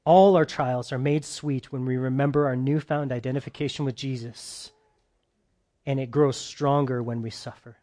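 A man preaching a conversational sermon who keeps asking his listeners questions and swings between loud, emphatic bursts and quiet, soft stretches. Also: mid-range voice, steady tone, normal speed.

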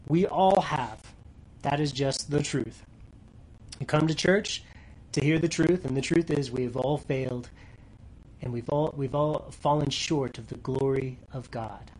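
A man preaching a sermon earnestly, dropping to soft near-whispers for tender lines and rising loud when reading scripture. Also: mid-range voice, measured pace, breathy edge, rough recording. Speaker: pastor.

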